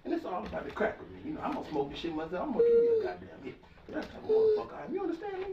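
A man's voice: very high-pitched, wildly swooping pitch, rapid-fire, dull audio, heavy background noise, exaggerated voice. An actor playing a boastful, ranting male uncle who deals crack, cursing and laughing through blustery threats. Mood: bragging. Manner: profane, blustering, laughing rants. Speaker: uncle and drug dealer.

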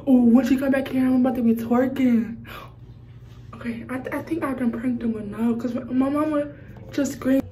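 A young woman vlogger pulling a prank, playful and teasing, yelling over music. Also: sits high, normal speed, slight background noise. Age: young adult. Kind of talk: casual prank vlog. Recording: echoey room, far from mic, loud music.

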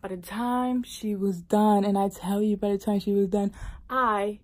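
A woman vlogger casually telling a personal story to camera, animated and dropping into whispered asides. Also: mid-range voice, a little slow.

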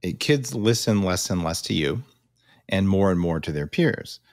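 Deep-voiced male podcast host. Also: animated, a little mellow. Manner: quick to laugh, conversational. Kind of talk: casual interview chat.

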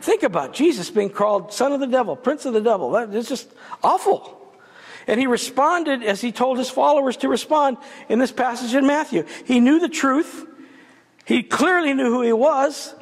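A man's voice: very high voice, lively intonation, normal speed. A man giving a guest sermon in a church, conversational and dotted with humorous asides. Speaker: guest preacher. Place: church sanctuary. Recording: long church reverb.

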